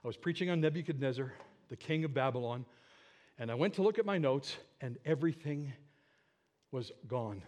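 A man preaching in church, telling a personal story in an earnest way that moves between loud moments and hushed ones. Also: mid-range voice, expressive, normal speed. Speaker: pastor. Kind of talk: sermon storytelling.

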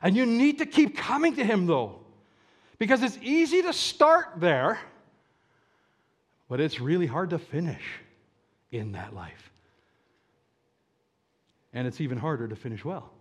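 A man preaching a sermon, often asking his listeners questions and stressing words slowly. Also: a little high, big pitch swings, husky. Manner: asks the audience questions, slow deliberate emphasis. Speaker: pastor.

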